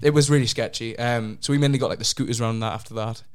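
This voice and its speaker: Young guy rattling off a night-out story, quick, voice shoots way up when it gets good. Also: clean tone. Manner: rambling storyteller, pitch leaps when excited. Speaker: podcast co-host. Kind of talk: casual chat.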